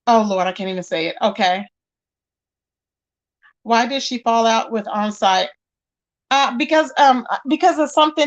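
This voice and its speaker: A woman's voice: fairly high pitch, muffled recording. A woman hosting a casual live stream, chatting animatedly and reading viewers' comments aloud. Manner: animated, chatty, calls viewers "child" and "baby". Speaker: livestream host reading chat. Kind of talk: casual chat.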